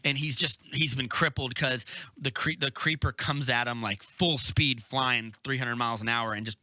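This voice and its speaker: A man co-hosting a casual podcast about movies, retelling plot scenes with excited rambling and some swearing. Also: medium pitch, moderate pace, dry recording, clean studio sound. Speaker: podcast co-host.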